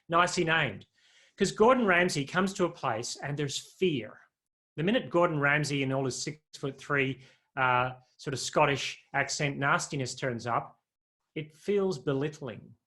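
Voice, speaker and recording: A man's voice: mid-range voice, a bit bright. A man preaching a sermon in a conversational, humorous way, often putting questions to his listeners.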